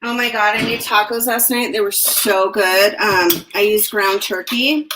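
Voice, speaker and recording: A woman talks casually into her phone during a home livestream, chatting and gossiping as she reads comments. Her pitch sits in an ordinary middle range. A faint hiss of background noise runs under the recording. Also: fairly even intonation, measured pace. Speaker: livestream host. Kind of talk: casual live chat reading comments.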